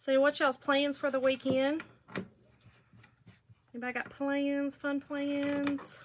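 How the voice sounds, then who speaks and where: A woman's voice: high voice, completely flat delivery, slow, slight background noise. A middle-aged woman hosting a casual crafting livestream, chatting in a folksy way and reading out viewer comments.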